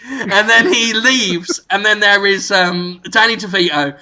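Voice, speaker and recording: A man co-hosting a comedy podcast, spinning an absurd story with giggles and sudden shouted bits. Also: sits high, unhurried, poor audio. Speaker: podcast co-host.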